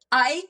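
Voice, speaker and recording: An Australian woman co-hosting a podcast over a video call, telling stories with lively, laughing energy. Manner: animated storytelling with laughs. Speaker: podcast co-host.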